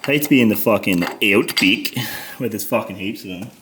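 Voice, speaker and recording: A fed-up Australian man with a fairly low voice narrates a motorcycle repair as he works. He rambles and swears at every stubborn part. A light background hiss sits under his voice. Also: moderate pace. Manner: frustrated, swears constantly, mutters while working. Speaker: motorcycle mechanic vlogger. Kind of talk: casual workshop commentary.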